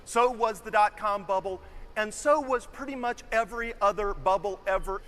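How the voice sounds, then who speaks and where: A man with a high voice gives measured, scripted narration in a lecture-like way. The clip is played back, so the sound has a long, roomy reverb. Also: a bit bright.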